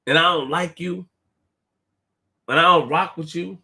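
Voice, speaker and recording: A young man talking casually to his stream audience, full of street slang and repetition, swinging from quiet, low remarks to loud outbursts. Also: unhurried, gravelly. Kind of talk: casual live-stream rant.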